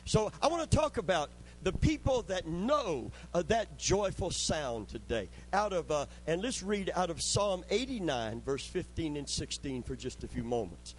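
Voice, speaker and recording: A man's voice: on the high side, big pitch swings, normal speed, a little hiss or hum, rough recording. A man preaching a sermon with fervent, call-and-response delivery, often calling for amens.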